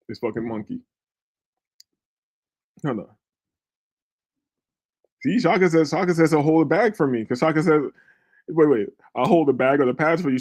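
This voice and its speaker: His voice a little high with a darkish tone, a podcast host tells a vulgar, rambling story full of profanity. He keeps asking the listener whether they follow: "you feel me."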